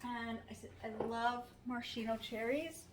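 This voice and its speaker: Chatty woman, slightly high voice. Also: fairly even intonation, normal speed. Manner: chatty, rambling with frequent ums. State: tired, yawning. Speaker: vlogger. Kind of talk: casual home vlog chat. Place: home kitchen pantry.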